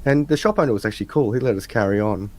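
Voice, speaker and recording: An Australian man on a video call, telling casual anecdotes in an animated way, acting out the people in his stories. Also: on the low side, very fast. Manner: animated anecdote teller, acts out voices in stories. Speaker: interviewer. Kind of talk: casual storytelling chat. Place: home room with adjustable lights.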